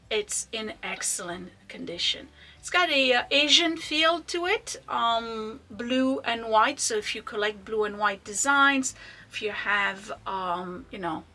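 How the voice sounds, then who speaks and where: Bright, chatty woman showing vintage wares. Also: fairly high pitch. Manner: chatty, enthusiastic, trails into soft asides. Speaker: online vintage shop owner. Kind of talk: casual product showcase.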